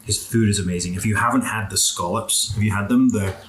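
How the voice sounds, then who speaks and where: Deep-voiced man chatting over a meal. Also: brisk, a little hiss or hum, rough recording. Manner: relaxed, enthusiastic about food, talks while eating. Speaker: interview guest. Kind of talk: casual interview chat.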